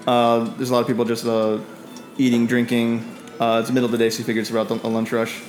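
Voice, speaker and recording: A man's voice: mid-range voice, completely flat delivery. Guy running a tabletop game, lots of uhs, some music in the background. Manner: halting, many uh fillers. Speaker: game master.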